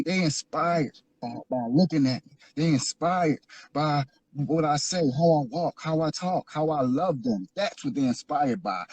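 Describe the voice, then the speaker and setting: A man's voice: a little high, a little mellow, slightly rough, no room sound, lo-fi sound. A man from Philadelphia telling his life story as an interview guest, earnest and repetitive, building into preaching. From Philadelphia, USA. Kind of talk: emotional personal testimony.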